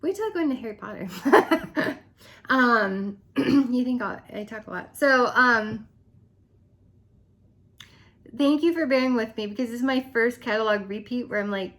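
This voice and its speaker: A woman's voice: fairly high pitch, expressive, moderate pace, fairly bright tone. A woman sales consultant ranting in a casual vlog, laughing often and dropping into dramatic whispers, her voice a little worn. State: losing her voice.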